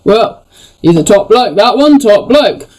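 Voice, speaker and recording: A man's voice: high voice, expressive, unhurried, darkish tone, poor audio. A game master voicing a boastful, chatty male dwarf miner, folksy and repetitive. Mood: friendly boastful. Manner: eager, folksy, repeats himself.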